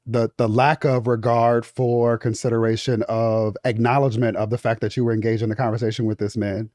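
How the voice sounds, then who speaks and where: Man, studio guest, frank and blunt, stammering restarts, mid-pitched voice. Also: flat delivery, fairly quick, a little mellow, no echo. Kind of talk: casual chat. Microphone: studio mic.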